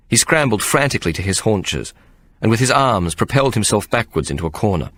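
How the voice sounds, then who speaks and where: A man narrating an audiobook with measured, expressive storytelling. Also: sits low. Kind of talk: scripted narration.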